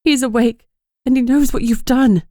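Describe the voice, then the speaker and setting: Trembling, desperate elf mother in an audiobook, read by a woman in a raised, higher voice. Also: steady tone, normal speed, warm tone, dry recording, clean studio sound, lightly acted. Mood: panicked. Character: frightened weakened elf mother, adult woman. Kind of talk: audiobook character voice.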